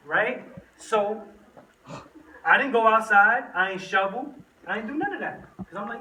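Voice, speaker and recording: A young man tells a slangy, animated story to a youth group, recorded in an echoey room from a distance. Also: high voice, unhurried, long pauses. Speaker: youth speaker. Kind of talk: storytelling talk to teens. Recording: echoey room, from the mic, faint noise.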